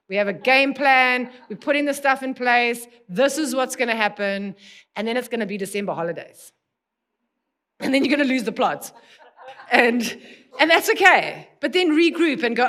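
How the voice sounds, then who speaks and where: A woman's voice: high voice, animated, normal speed, fairly bright tone. A woman in her forties from South Africa, giving a conversational talk on parenting with anecdotal storytelling and frequent restarts. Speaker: speaker on parenting.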